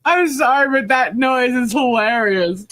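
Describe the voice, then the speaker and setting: Podcast co-host, female, mid-pitched voice, unhurried delivery, giggles constantly, dry close mic. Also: fairly bright tone, no echo. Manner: laughs often, easily amused. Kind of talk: casual podcast chat.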